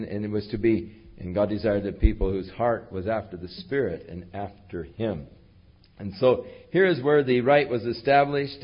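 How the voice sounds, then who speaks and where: A man preaching a verse-by-verse sermon in a conversational way, with fillers and asides to his listeners. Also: mid-range voice. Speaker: pastor. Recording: dull lo-fi recording.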